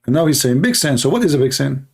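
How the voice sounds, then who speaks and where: A man arguing in a heated livestream debate, challenging listeners in broken, non-standard English and clearing his throat often. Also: mid-range voice, big pitch swings, fast.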